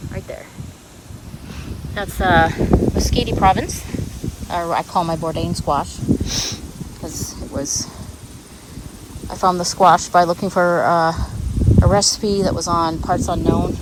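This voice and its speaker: A middle-aged woman giving a casual walking tour of her backyard garden, chatty and self-deprecating as she points things out. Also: lowish voice. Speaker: gardening vlogger. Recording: loud outdoor background noise.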